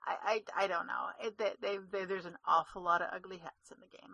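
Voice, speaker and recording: A woman's voice: on the low side, fairly even intonation, fairly quick, creaky, sharp tone, dry recording. A woman co-hosting a gaming podcast, chatty and giggly, often trailing off mid-sentence. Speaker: podcast co-host. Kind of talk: casual chat.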